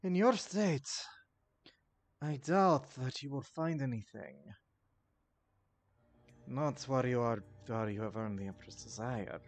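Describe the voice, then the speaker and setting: A man's voice: medium pitch, takes it slowly, pauses often. A man voicing a formal, ominous informant who speaks in grave, old-fashioned phrases.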